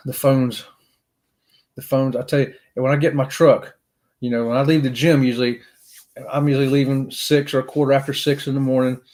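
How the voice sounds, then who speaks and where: A man's voice: mid-range voice, darkish tone. A middle-aged man, hosting a casual livestream in a folksy, upbeat way while reading chat comments. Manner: folksy and upbeat, says "y'all" often. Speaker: livestream host.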